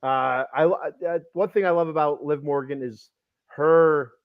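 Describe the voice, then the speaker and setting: A man co-hosting a podcast in casual chat, excited and quick to repeat words when worked up. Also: fairly high pitch, smooth, phone-quality sound. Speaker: podcast co-host.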